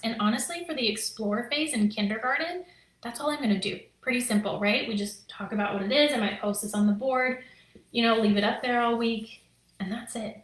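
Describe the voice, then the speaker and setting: Chatty upbeat woman teacher, fairly high voice. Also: fairly bright tone, echoey room, rough recording. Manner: chatty and upbeat, lots of fillers and "right?". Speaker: teacher and curriculum creator. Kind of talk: casual teaching video, talking to camera.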